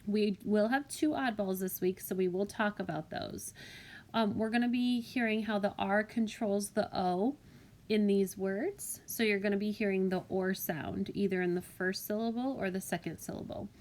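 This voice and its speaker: Woman, classroom teacher voice, gentle and clear, recorded on a tablet for young students. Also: mid-range voice, steady tone, moderate pace. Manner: gentle, clear teacher talk, clapping out syllables. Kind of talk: recorded phonics lesson for children. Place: voice-over for a whiteboard app. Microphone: tablet microphone.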